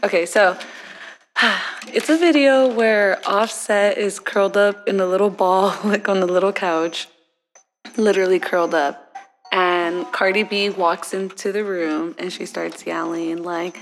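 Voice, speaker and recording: A woman's voice: mid-range voice, fairly even intonation, a little slow, soft background music. A young woman co-hosting a podcast in casual chat, laughing often and filling her talk with "like" and "dude.". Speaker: podcast co-host. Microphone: podcast mic on a desk.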